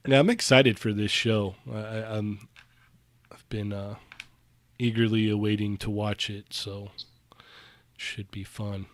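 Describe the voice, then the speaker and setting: A man in a casual chat, relaxed and leaning on "like" and "um" as he talks. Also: on the low side, slow pace, pauses often, no echo. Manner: relaxed, heavy on "like" and "um".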